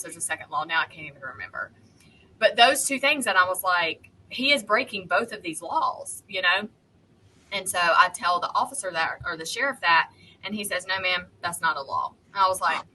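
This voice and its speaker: A woman, co-hosting a podcast and telling a story in a heated, animated way. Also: mid-range voice, a little hiss or hum, poor audio. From North Carolina, US. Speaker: podcast co-host. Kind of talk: casual chat, storytelling.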